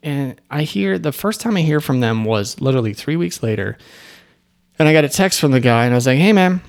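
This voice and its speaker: Man, gravelly voice, mid pitch, casual rambling storytelling, conversational asides. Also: expressive, brisk. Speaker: agency owner.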